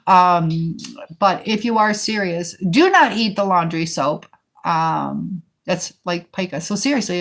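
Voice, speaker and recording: A woman hosting a casual live stream, talking in a rambling way with many fillers while she answers viewer comments. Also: fairly low pitch.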